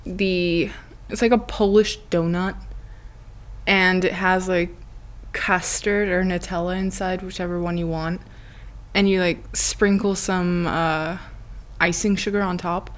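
A woman's voice: fairly low pitch, fairly even intonation, unhurried. A woman hosting a podcast, telling a story in a chatty, giggly way, full of "like" and acted-out quotes. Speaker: podcast host. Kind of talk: casual storytelling monologue.

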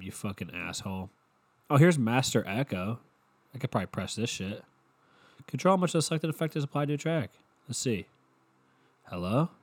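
A man's voice: fairly low pitch, husky. Stuffy young guy with a cold, cussing and rambling on his podcast, mic right up close. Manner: profane, sarcastic, rambling. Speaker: podcast host. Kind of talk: casual solo podcast rant. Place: his room at home. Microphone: handheld mic held close to the mouth.

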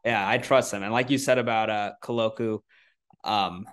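A man's voice: on the low side, steady tone, normal speed, fairly bright tone. A man on a sports podcast, chatting casually in a rambling, self-mocking way with many restarts.

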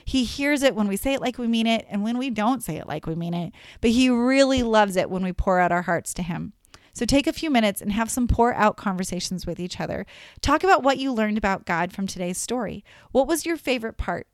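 A young woman telling a Bible story to children, friendly and animated, with chatty asides. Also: on the high side, a little fast, no echo, clean studio sound. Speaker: children's Bible lesson teacher. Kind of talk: Bible story lesson for kids.

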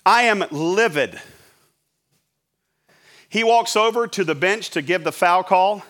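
A middle-aged man preaching as a pastor, telling an animated sermon story and acting out his own shouting. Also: sits high, slow. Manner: animated, acts out his own yelling at a referee.

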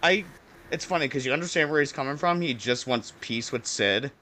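A man's voice: medium pitch, a little fast, sharp tone. Young male podcast co-host, casual rambling film chat, laughs and swears a lot. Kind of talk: casual movie review chat.

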